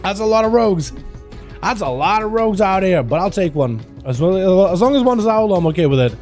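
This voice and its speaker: A man from Russia, streaming and casually chatting with viewers, then giving brisk play-by-play commentary on game duels, sometimes stumbling over his words. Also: sits high, lively intonation, a little mellow, faint music behind.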